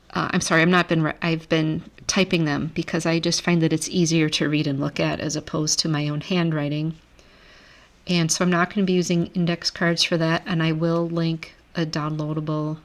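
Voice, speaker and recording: A woman with a notably low voice gives a recorded grammar lecture. She explains each rule patiently, pausing to correct herself now and then. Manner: relaxed, self-correcting explanations. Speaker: Greek grammar teacher. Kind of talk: recorded lecture over screen.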